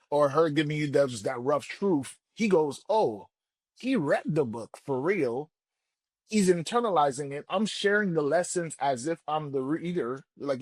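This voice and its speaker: A man working as a book coach, telling stories in a casual, colloquial, animated way and often acting out what people say. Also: fairly high pitch, moderate pace, no echo. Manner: colloquial, animated storyteller who acts out quotes. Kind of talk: casual interview talk.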